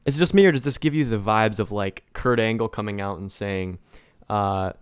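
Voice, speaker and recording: A man co-hosting a wrestling podcast, chatting in an animated, joking way and slipping into mocking impressions. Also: lowish voice, moderate pace, smooth, no room sound, studio quality. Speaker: podcast co-host. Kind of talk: casual chat.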